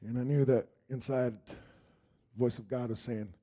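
A man's voice: mid-range voice, steady tone, normal speed, dark tone. A man giving an earnest, rambling church testimony that drifts into spoken prayer, repeating "Lord God.".

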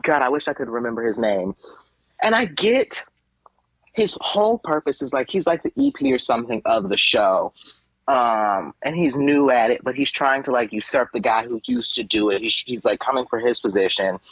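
A man co-hosting a podcast, rambling through a casual, animated retelling and slipping into mocking quoted voices. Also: medium pitch, normal speed, breathy edge, no room sound, dull audio. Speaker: podcast co-host. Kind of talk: casual chat.

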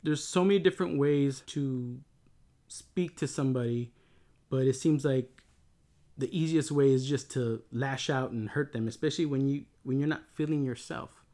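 A man's voice: mid-range voice, normal speed, warm tone. A middle-aged man talking casually and reflectively about relationships, rambling with many restarts. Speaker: co-host talking with his wife.

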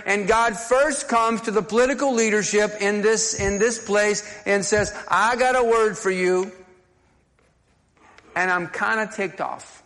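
A man's voice: sits high, a bit bright, in a large hall. A man preaching a sermon as pastor, talking conversationally and often restarting and repeating words.

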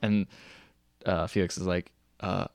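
A man's voice: deep voice, flat delivery, unhurried, vocal fry, no echo, studio quality. Casual man recapping a film. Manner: retells scenes, quoting characters in mumbled asides. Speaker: podcast co-host. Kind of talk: casual movie recap chat.

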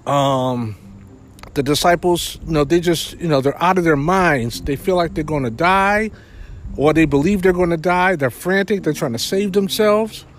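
A man's voice: on the high side, normal speed, a little hiss or hum. Conversational man preaching a sermon. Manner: conversational, retelling scripture with frequent fillers.

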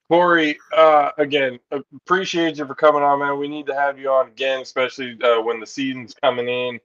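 A man's voice: medium pitch, steady tone, normal speed, fairly bright tone, dull audio. A man hosting a casual podcast, laughing often and thanking his guest. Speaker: podcast host.

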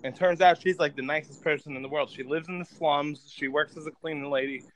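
A man with a slightly higher-than-usual voice tells a movie plot at length. He rambles, curses freely and leans on filler words as casual banter with friends. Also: fairly even intonation, fairly quick, a little hiss or hum, rough recording.

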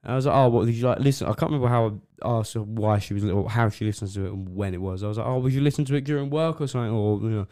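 A man's voice: on the low side, rapid-fire, few pauses, clear, resonant tone. A young man co-hosting a casual podcast, telling a story with lots of laughter and acted-out quotes. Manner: giggly, lively storyteller. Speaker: podcast co-host. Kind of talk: casual chat.

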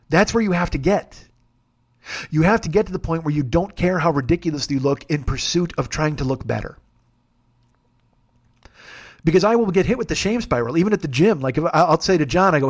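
A middle-aged man hosts a confessional podcast monologue, rambling freely and often restarting his sentences. His voice sits a bit higher than most men's. He swears constantly and runs himself down, candid and blunt throughout. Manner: candid, profane, self-deprecating, rambling with restarts. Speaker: podcast host.

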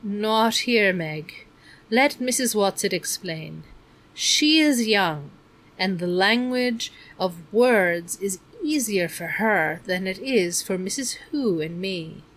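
A woman reading aloud, voicing a stern, mysterious old witch who speaks slowly and coldly. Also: medium pitch, animated, a bit bright. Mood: solemn. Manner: slow, cold, deliberate.

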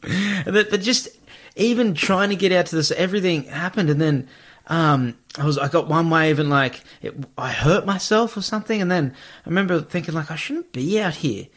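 A young man telling a story in a relaxed, swear-heavy podcast chat, full of fillers. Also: on the high side, normal speed. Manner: laid-back, swears freely, lots of fillers.

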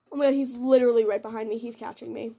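A woman giving live commentary on her own game play, excitable and gasping as she reacts. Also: fairly high pitch, fast talker, breathy edge. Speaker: gamer narrating her play.

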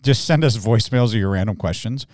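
A man's voice: lowish voice, fast talker, a little mellow, dry recording, studio quality. A man from Alabama co-hosting a church podcast, chatting casually and joking, with many fillers and restarts. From Mobile, Alabama. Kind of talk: casual chat.

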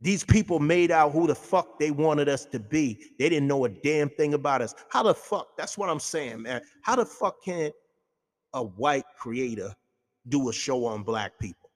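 Guy ranting hard on his talk show, voice sits kinda high, cussing a lot, long reverb on it. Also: normal speed. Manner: heated, profane, ranting. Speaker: radio show host. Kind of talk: impassioned talk-show monologue.

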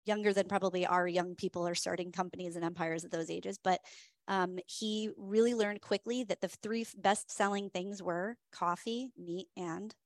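A woman's voice: lowish voice, fairly even intonation, normal speed, no room sound. A woman hosting a whiskey tasting, telling the story in a chatty, enthusiastic way with many fillers. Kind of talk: casual storytelling presentation.

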